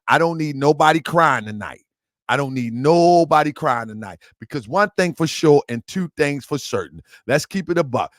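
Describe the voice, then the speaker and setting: A man's voice: a little high, vocal fry, dry recording, clean studio sound. A man hosting his online show, talking in a rambling, repetitive way with lots of slang. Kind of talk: casual livestream talk.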